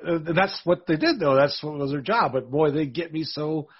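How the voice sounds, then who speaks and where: Male host, raspy voice, eager fan tone, lo-fi sound. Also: a little high, normal speed. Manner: eager, short backchannels, enthusiastic fan. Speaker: interview host. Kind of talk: casual interview.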